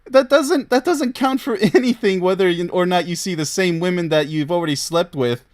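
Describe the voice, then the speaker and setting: A man's voice: high voice, normal speed. A man, a relationship coach, reacting to a case with scolding, incredulous commentary and laughing between remarks.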